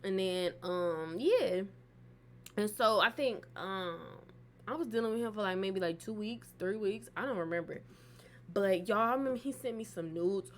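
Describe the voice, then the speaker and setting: A woman chats through a storytime vlog in a mid-range voice, loose and animated, swearing freely and stringing thoughts together with fillers. Her delivery is casual and unscripted. A faint ambient hum sits behind her. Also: mid-range voice, moderate pace. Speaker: storytime vlogger.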